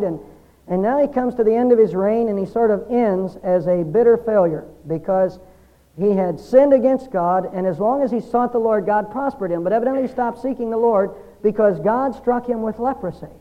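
A man preaching a sermon, explaining scripture earnestly and building emphasis through repetition. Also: high voice. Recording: dull lo-fi sermon recording.

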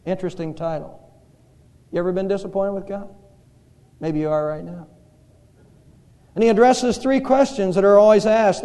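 A male pastor preaching a sermon in a church, telling stories slowly and dramatically with pauses. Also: high voice, dark tone. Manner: slow, dramatic storytelling with pauses. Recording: reverberant hall.

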